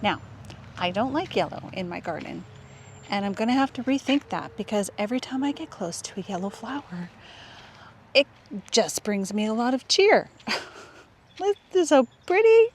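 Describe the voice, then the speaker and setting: A woman vlogging as she walks through a public garden, gushing over the plants and often dropping to a hush, recorded on a handheld camera mic. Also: mid-range voice, animated, normal speed, long pauses, a little hiss or hum. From Canada. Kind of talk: casual walk-and-talk vlog.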